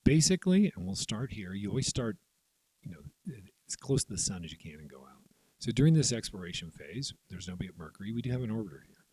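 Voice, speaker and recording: A man's voice: lowish voice, sing-song, darkish tone, slightly rough, no echo, poor audio. A man walking through the rules of a tabletop game step by step, sometimes speaking the players' moves aloud. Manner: explains step by step, voices players' moves in quick asides. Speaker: board game teacher.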